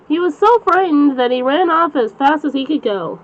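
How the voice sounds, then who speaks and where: A woman's voice: high voice, animated, normal speed. A woman reading a children's bedtime story aloud as the channel's storyteller. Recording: slightly dull lo-fi recording.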